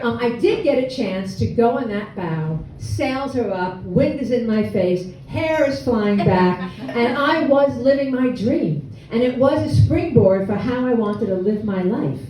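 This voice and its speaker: A woman's voice: a little high, mellow, a little hiss or hum. A woman in her sixties telling a humorous, self-deprecating story at a live storytelling event. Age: 60s. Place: hall with an audience. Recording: echoey room, mic from far off.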